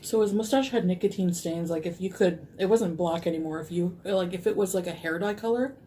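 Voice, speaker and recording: A woman's voice: lowish voice, brisk, mellow, a little hiss or hum. A woman telling a casual storytime in a rambling way, full of fillers. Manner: rambling, frequent fillers, laughs easily.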